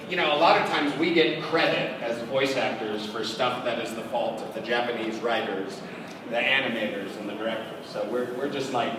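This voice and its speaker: A man who is a voice actor, telling jokey stories on a convention panel and acting out the voices in them. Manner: animated, jokey, acts out quotes with big pitch jumps and laughs. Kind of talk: lively convention panel storytelling. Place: large convention hall. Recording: far-off echoey hall recording with noise.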